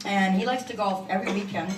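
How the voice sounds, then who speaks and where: A woman in her forties from Canada doing a stand-up comedy set in a club, delivering self-mocking punchlines in a deadpan way. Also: medium pitch, fast talker, slight background noise. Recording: echoey club from far off.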